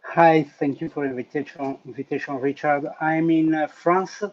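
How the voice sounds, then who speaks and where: A man with an Italian accent, a panelist on a video call, speaking with hesitant pauses. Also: a little high, fairly even intonation, lo-fi sound. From Italy. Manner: hesitant, many uh fillers.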